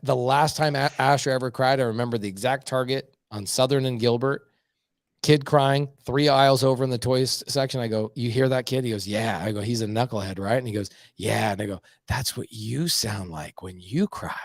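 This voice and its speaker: Blunt, animated storyteller man. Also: mid-range voice, fairly quick, dry recording, clean studio sound. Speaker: podcast guest. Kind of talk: casual podcast conversation.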